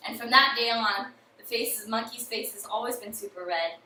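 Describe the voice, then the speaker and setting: Young woman telling a folk tale super chatty, bright voice, echoey room. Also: a little high, normal speed. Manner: lively, chatty, uses "he's like". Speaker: student storyteller. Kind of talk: casual oral storytelling. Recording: echoey room, mic far off, faint hiss.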